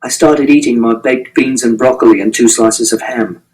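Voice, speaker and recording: A man's voice: mid-range voice, steady tone, normal speed, a little mellow, distant mic, poor audio. A man reading a novel aloud in first person, in a plain, matter-of-fact, literal way. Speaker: audiobook reader.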